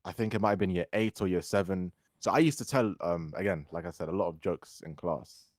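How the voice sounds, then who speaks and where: A young man, co-hosting a casual podcast and telling animated stories. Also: low-pitched, fairly quick, no echo, studio quality. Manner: storytelling, animated when quoting others. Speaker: podcast co-host. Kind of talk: casual chat.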